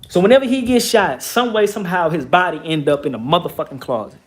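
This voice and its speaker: A slightly high-pitched man, spinning a story from his neighborhood. He talks casually and profanely and punches key points with emphasis. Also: fast. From Texas, USA. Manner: emphatic, profane, streetwise retelling with rising bursts of emphasis. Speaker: vlogger.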